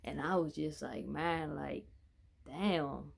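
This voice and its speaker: A man's voice: fairly high pitch, slow, gravelly, breathy edge. A man telling a personal story in a casual, rambling way, correcting himself often and swearing freely.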